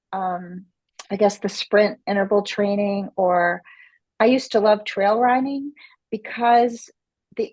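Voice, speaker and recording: A middle-aged woman asks her fitness coach a question, speaking slowly and halting as she searches for words. The sound is close and dry, with no room echo. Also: mid-range voice, a little mellow. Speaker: class participant.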